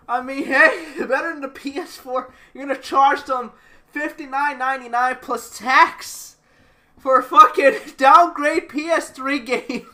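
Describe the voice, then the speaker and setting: A woman's voice: high voice, bright, forceful tone. A woman ranting in a profane video game reaction, swearing constantly and breaking into laughter. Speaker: gaming video creator.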